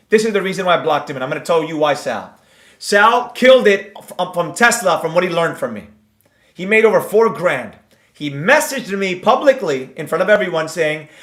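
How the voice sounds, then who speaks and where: A man's voice: high-pitched, fairly bright tone, echoey room. Impassioned man preaching about trading. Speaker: trading educator. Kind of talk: livestream rant to viewers.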